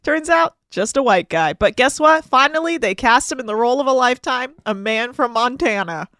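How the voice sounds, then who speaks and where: A woman's voice: fairly high pitch, lively intonation, moderate pace, fairly bright tone, dry recording, clean studio sound. A woman co-hosting a podcast as producer, chatting casually in a playful, opinionated way. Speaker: producer and co-host. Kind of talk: casual chat.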